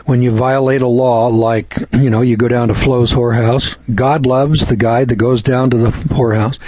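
Male preacher, husky voice, folksy and sardonic, throat-clearing, dry muffled recording. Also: mid-range voice, darkish tone, no echo. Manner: folksy, sardonic, talks back to a letter writer. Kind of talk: conversational Bible commentary.

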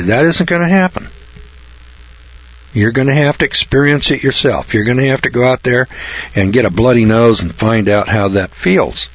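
A man's voice: fairly low pitch, fairly bright tone. A man preaching a folksy Bible sermon, blunt and colloquial. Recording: dull lo-fi recording.

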